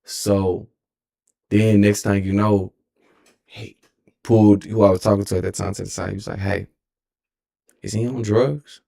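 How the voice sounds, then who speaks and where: Streamer, Texan man, twenties, deep gravelly voice, loose profane storytelling. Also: steady tone, measured pace, pauses often, dark tone. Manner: rambling and profane, with frequent self-corrections. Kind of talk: casual storytelling.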